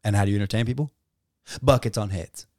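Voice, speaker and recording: A man's voice: fairly low pitch, quick pace, darkish tone, dry recording, studio quality. Blunt, profane male podcast co-host. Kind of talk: casual sports banter.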